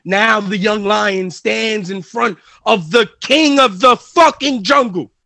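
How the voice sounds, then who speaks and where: A man's voice: high-pitched, slow, gravelly, no room sound. A man who wrestles, cutting an intense trash-talking promo on a live podcast. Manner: intense trash talk, rising to shouting.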